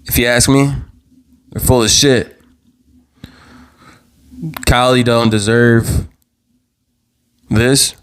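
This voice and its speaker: A man's voice: medium pitch, steady tone, extremely slow, pauses often, a bit bright, clear, resonant tone. A man hosting his own live talk show, worked up and passionate, repeating words and swearing as he speaks. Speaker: show host. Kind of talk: impassioned live commentary. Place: own channel livestream.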